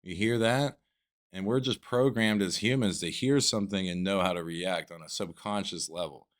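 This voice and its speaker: A man's voice: deep voice, moderate pace. Profane, rambling Southern American man. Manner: loose and profane, rambling with fillers. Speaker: podcast co-host. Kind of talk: casual chat.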